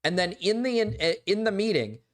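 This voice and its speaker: Young man, live-stream host, casual commentary, rambling, exasperated, slightly high pitch. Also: fairly quick. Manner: rambling, animated and exasperated, with frequent "like" and repeats. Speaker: livestream host.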